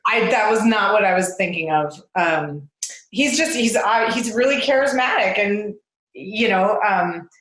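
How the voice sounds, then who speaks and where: A woman's voice: mid-range voice, lively intonation, unhurried, fairly bright tone. A woman in her forties, a guest on a casual interview show, talking hesitantly with many fillers and laughing often. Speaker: podcast guest. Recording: roomy echo.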